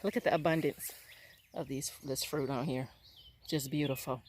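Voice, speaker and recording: A woman's voice: rumbling low, steady tone, normal speed, darkish tone, a little hiss or hum. A woman, chatting enthusiastically to a handheld phone camera outdoors on a farm. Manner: enthusiastic, chatty, keeps saying y'all. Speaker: homestead vlogger. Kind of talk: casual vlog talk to camera. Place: outdoors on a rural hillside farm.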